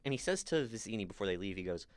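A podcast co-host with a voice on the low side casually recaps a movie scene by scene. He retells it animatedly, tossing in quick quotes from the characters. There's no room sound.

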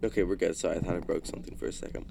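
A young man joking around in a casual group podcast chat, playful and quick to break into silly bits. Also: sits low, steady tone, vocal fry, a crowd in the background.

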